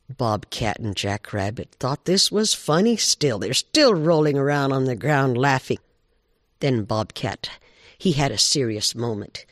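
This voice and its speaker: Casting: male oral storyteller, expressive, mid-pitched, dry close mic. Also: unhurried, no echo. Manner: expressive, animated. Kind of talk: oral folk tale telling.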